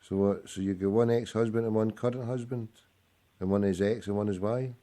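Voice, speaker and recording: Male host, low and mellow, blunt and sweary. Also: steady tone, a little fast. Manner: swears constantly, teasing and blunt. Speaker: radio show host. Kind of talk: casual chat.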